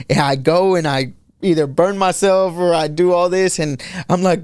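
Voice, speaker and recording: A young man with a gravelly voice tells his personal testimony in animated storytelling, his voice jumping up when he quotes himself. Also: on the high side, normal speed, no room sound. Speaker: podcast guest sharing testimony.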